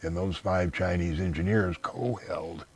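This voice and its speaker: Deep husky man, blunt and rambling. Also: unhurried, darkish tone. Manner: blunt, dismissive, long rambling explanations. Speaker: interview guest. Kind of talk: casual conversational interview.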